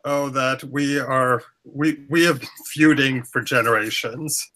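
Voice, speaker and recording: A man playing a tabletop game, stammering and halting as he talks. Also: medium pitch, steady tone, bright, forceful tone. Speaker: player. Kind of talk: casual tabletop play.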